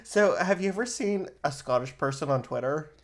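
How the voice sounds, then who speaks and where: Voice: mid-range voice, lively intonation, normal speed. A young adult co-hosting a podcast in casual chat, making dry, wry asides and telling stories. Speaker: podcast co-host.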